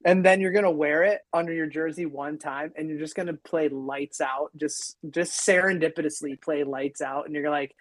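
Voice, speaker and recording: A man's voice: a little high, steady tone, normal speed, few pauses, no echo. Teasing man host, dry close sound. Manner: joking, teasing banter. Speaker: podcast host. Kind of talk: casual interview chat.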